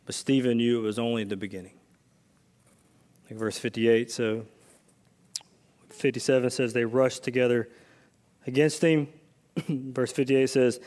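A male pastor preaching a sermon in a conversational way, swinging between loud, excited bursts and hushed, low asides, with personal stories mixed in.

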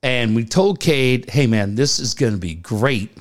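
A man's voice: medium pitch, unhurried. A middle-aged man co-hosting a podcast, telling stories in casual chat, acting out the dialogue and swearing freely. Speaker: podcast co-host.

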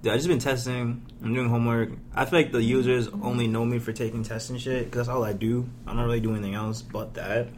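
A man's voice: medium pitch, level tone, fast talker, hardly any pauses, slight background noise. A young man co-hosting a podcast in casual chat, joking and swearing as he teases. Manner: joking, profane, teasing. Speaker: podcast co-host.

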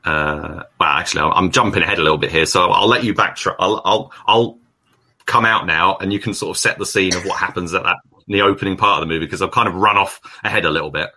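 A man's voice: sits low, fast, pushed and bright. A man co-hosting a casual film podcast, hesitant and repeating words as he starts. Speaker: podcast co-host.

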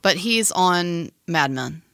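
A woman's voice: lowish voice, lively intonation, slow pace, a bit bright, no echo, studio quality. A woman co-hosting a podcast, chatting casually and playfully. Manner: chatty, playful, lots of laughing asides. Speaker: podcast co-host. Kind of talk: casual chat.

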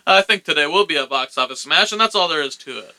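Goofy, bright-voiced podcast host. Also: male voice, fairly high pitch, lively intonation, quick pace. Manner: goofy, jokey, playful mock-motivational delivery. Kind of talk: casual podcast chat. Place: podcast studio room.

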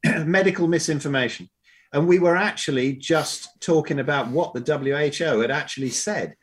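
A man from the UK hosting a podcast, telling a story in a relaxed, chatty way. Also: on the high side, normal speed, breathy edge. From United Kingdom. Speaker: podcast host. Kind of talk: casual conversation.

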